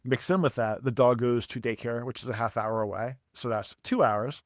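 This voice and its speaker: Profane, animated podcast storyteller man. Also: medium pitch, normal speed, dry recording, studio quality. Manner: animated, profane, laughs at himself. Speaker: podcast co-host. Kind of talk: casual storytelling.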